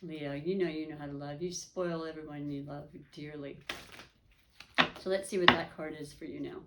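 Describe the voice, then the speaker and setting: A woman's voice: low voice, steady tone, normal speed, background noise. A woman giving a casual, rambling tarot reading, emotional and often correcting herself. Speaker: tarot reader.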